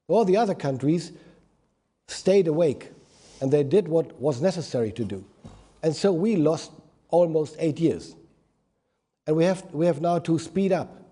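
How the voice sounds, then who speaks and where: A man's voice: medium pitch, mellow, husky. A middle-aged man with a strong German accent, a native German speaker, answering at a press conference and searching for his words as he goes. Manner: searching for words, restarts phrases. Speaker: government minister.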